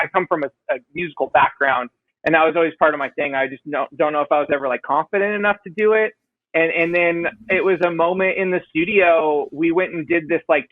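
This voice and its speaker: A man with a higher-pitched voice is interviewed on a podcast about being a band vocalist, chatting casually. He rambles and puts himself down, using lots of fillers, and the dry recording sounds narrow and tinny.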